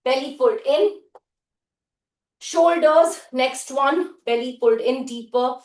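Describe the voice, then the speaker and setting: A woman's voice: sits high, takes it slowly, a little mellow. A woman leading a live group workout, counting reps and giving short cues and praise. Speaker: fitness instructor. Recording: echoey room.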